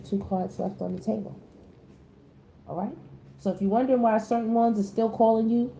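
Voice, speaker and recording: A woman giving a casual tarot reading. She talks to her viewers directly in slangy speech, jumping from loud exclamations to low muttered asides. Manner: slangy, addresses the audience directly. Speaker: tarot reader. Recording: echoey room with faint background noise.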